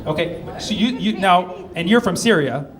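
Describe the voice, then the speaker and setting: A man's voice: sits high, animated, moderate pace. A male stand-up comedian doing a brash, profane set with crowd work at a comedy club. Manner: brash, profane, riffing with the audience. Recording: roomy live club with crowd noise. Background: audience laughter.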